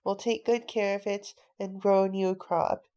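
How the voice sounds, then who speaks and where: A woman reading a storybook aloud, voicing a stern, tough father who talks bluntly and gruffly. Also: medium pitch, flat delivery, unhurried, mellow, close to an everyday voice, low-quality recording. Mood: determined.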